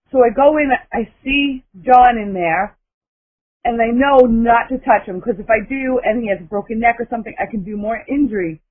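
A woman caller telling a dramatic personal story, emphatic and breathless in the telling. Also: a little high. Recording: tinny phone line.

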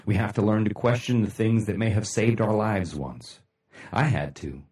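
A man hosting a casual motivational livestream, talking bluntly with lots of swearing and shout-outs to viewers. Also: on the low side, normal speed, echoey room, recorded from a distance. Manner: blunt, profane, rambling, laughs often. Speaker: livestream host.

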